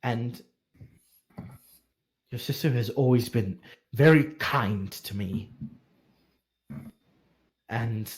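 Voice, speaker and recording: A man plays a weary, devoted maester who speaks quietly. He sounds worn down and sad in this tabletop role-play. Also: mid-range voice, very slow, pauses often, voice pushed down. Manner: quiet and tired.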